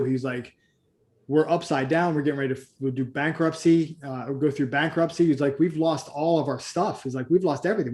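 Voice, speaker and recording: Over a video call, a man leads a live group coaching session, telling stories and acting out the voices of people in them. His voice is medium-pitched and a little mellow.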